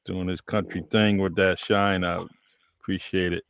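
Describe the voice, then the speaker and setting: A man's voice: low voice, level tone, normal speed, creaky, no echo, muffled recording. A man hosting a podcast in a casual chat, laid-back and tacking "man" onto his sentences. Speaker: podcast host.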